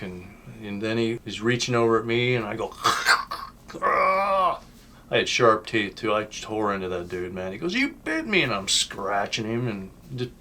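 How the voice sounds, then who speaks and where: A man casually telling a personal story in a blunt, colloquial way, swinging between loud bursts and hushed asides. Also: lowish voice, slight background noise. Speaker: channel host telling his life story.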